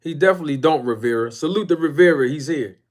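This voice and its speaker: A man hosting a casual boxing live stream, rambling and emphatic as he shouts out chat viewers by name. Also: fairly high pitch, animated, quick pace. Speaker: boxing YouTube channel host.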